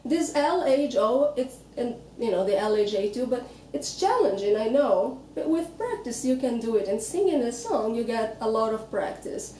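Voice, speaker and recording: A woman with a Brazilian accent explains pronunciation patiently, sounding out each word slowly. Her voice is slightly high and mellow. She sits back from the microphone in an echoey room with faint background hiss. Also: lively intonation, distant mic. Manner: patient, demonstrates words slowly. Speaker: Portuguese teacher.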